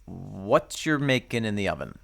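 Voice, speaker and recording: Jokey, animated male podcast co-host. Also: fairly low pitch, moderate pace, vocal fry. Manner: enthusiastic, jokey. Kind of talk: casual chat.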